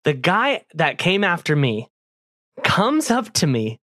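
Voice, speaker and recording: A man who does stand-up, telling a story in casual chat with friends, animated and swearing freely, often laughing. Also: fairly high pitch, slow, dry recording, studio quality. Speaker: stand-up comedian and podcast cast member.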